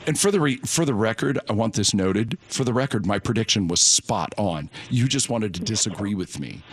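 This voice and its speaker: Lively male morning radio host. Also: fairly low pitch, moderate pace, slightly rough. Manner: animated, jokey, acts out other voices.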